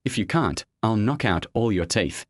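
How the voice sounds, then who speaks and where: A fierce young businesswoman who snaps cold threats, as a male narrator puts her on. The delivery swings in pitch with plenty of life. The sound is dry and close, like a storybook audiobook. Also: animated, moderate pace, no room sound. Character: fierce young woman CEO, cold and sharp-tongued.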